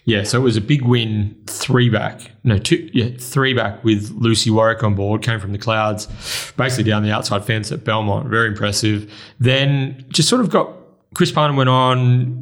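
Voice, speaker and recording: An Australian man co-hosting a racing podcast, running through race form briskly. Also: mid-range voice, fairly bright tone. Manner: brisk, runs through form in quick bursts. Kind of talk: casual race preview chat.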